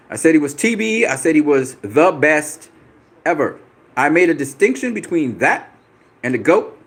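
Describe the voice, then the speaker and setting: Combative male stream host, fairly high and very lively delivery, profane, repetitive. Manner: combative, profane, repeats himself for emphasis. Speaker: boxing channel host. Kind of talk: live-stream chat replying to viewer comments.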